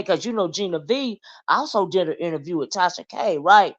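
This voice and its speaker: A woman hosting casual gossip commentary, chatty and animated, often calling the listener "child" and "honey". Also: on the low side, moderate pace, hardly any pauses, lo-fi sound. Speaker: commentary vlogger.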